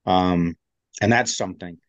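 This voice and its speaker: A man's voice: low voice, a little slow, no room sound. A man, a military veteran, telling a long story in a casual interview, rambling with many fillers and restarts. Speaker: guest, veteran.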